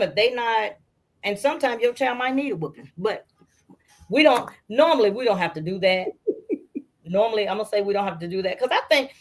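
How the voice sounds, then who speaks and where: Middle-aged woman telling lively family stories. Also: on the high side. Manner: animated storyteller who acts out family members' voices. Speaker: guest. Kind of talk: casual storytelling interview.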